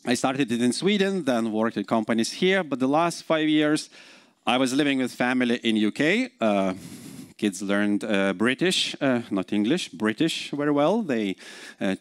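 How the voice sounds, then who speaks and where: A man's voice: mid-range voice, lively intonation, normal speed, smooth, no room sound. A man in his forties with a Lithuanian accent, giving a live conference talk, chatty and full of fillers, often quizzing the audience. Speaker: conference speaker.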